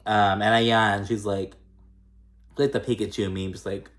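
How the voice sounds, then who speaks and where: A man dishes on a reality show in a loose, gossipy recap. He talks casually, swears freely, and slips into quick impressions of the people he's describing. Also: lowish voice, little pitch movement, a bit bright. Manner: chatty, profane, gossipy, acts out quoted lines.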